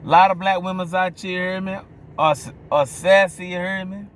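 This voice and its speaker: A man's voice: high-pitched, steady tone, normal speed, slight background noise. A man with a New Orleans accent giving a blunt, profane opinion monologue, often stopping to ask if you hear him. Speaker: vlogger.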